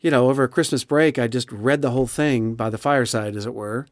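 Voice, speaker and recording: A male audiobook narrator talks in a relaxed interview, animated and expressive, often restarting his sentences. His voice sits in an ordinary middle register for a man. The recording is dry and close, with no room sound. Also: mid-range voice, fast, no room sound. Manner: chatty and expressive, many restarts. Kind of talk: casual interview chat.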